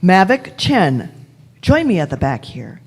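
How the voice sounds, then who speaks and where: A woman's voice: on the low side, huge pitch swings, breathy edge, exaggerated voice. A woman playing the Doctor, imperious. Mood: commanding. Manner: imperious, deliberate, drawn-out phrasing. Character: wily elderly female time traveller, the Doctor. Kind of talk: live fan radio play.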